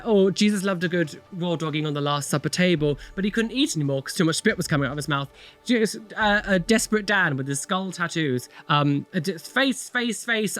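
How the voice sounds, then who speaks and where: A young man rambles through a casual reaction video, his voice sitting a little high for a man. He exclaims and swears freely as he talks. Faint music plays behind him. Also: fairly bright tone. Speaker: tattoo reaction video host.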